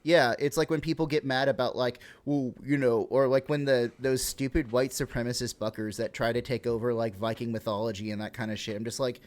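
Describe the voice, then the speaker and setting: A man's voice: medium pitch, fairly even intonation, brisk, hardly any pauses. A young man with a Texan accent, co-hosting a casual podcast, rambling through explanations with lots of fillers and swearing. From Texas. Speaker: podcast co-host.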